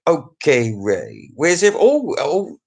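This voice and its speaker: A man's voice: on the high side, wildly swooping pitch, slow pace, a little mellow. Brief: male live-stream host, cheeky and crude, rambling chat to viewers at his desk mic.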